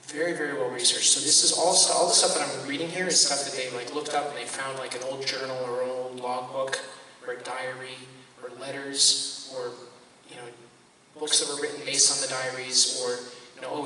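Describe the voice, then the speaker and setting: A man giving a homily as a parish priest, talking in a relaxed way with asides and fillers. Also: mid-range voice, slight background noise. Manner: conversational, many fillers and asides. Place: large church. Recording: echoey church from far off.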